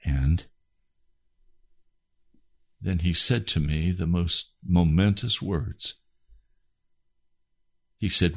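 A man delivering a testimony in a sermon, talking slowly and deliberately. His voice is gravelly with a lot of fry, and it sits low. He speaks with passion. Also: fairly bright tone. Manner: impassioned, rising to cries when quoting his prayers. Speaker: preacher.

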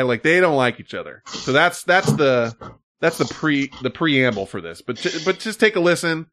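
Man, podcast host, casual chat, animated storyteller, mid-pitched voice. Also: moderate pace. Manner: animated storytelling, acts out quotes.

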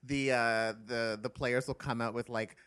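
A man's voice: mid-range voice, flat delivery, measured pace, a bit bright, smooth, dry recording. Male podcast co-host, chatty rambler, dry close sound. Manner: chatty, lots of "like" fillers. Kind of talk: casual chat.

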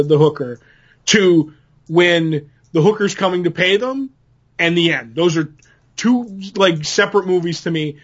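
A man's voice: sits high, fairly bright tone, slightly rough, lo-fi sound. A man co-hosting a podcast, enthusiastically retelling movie scenes in casual chat. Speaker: podcast co-host.

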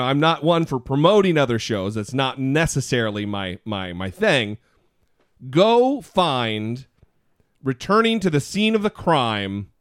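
A man co-hosting a podcast in casual chat, talking in an animated, self-deprecating, rambling way. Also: medium pitch, no echo, clean studio sound. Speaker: podcast co-host.

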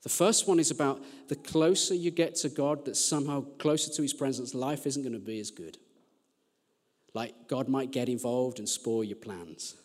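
A man's voice: mid-range voice, normal speed, darkish tone, big-room sound. A man from Birmingham, preaching a sermon in a chatty, self-deprecating storytelling manner, often restarting his sentences. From Birmingham, England.

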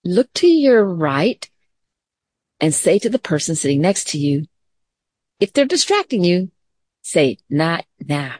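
Slow, calm woman teaching children. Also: on the low side, breathy edge, no room sound, clean studio sound. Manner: calm, gentle, talks straight to children. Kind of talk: children's mindfulness lesson with story time.

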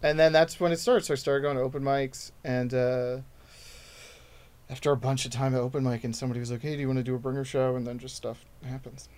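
A man's voice: mid-range voice, little pitch movement, fast, a little mellow, smooth. A man in his thirties, a stand-up comedian chatting as a podcast guest, telling rambling, self-deprecating stories. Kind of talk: casual podcast chat.

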